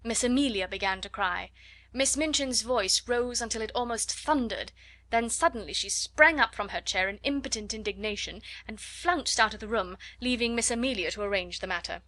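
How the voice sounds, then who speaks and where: A woman reading a classic children's novel aloud as an audiobook narrator, in measured, expressive storytelling. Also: fairly high pitch, no room sound. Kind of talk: scripted narration.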